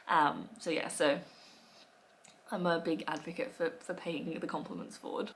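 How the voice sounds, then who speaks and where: A young Australian woman in casual chat to camera, playful and quick to laugh, acting out little quoted voices. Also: fairly low pitch, fairly even intonation, vocal fry, fairly bright tone. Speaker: vlogger.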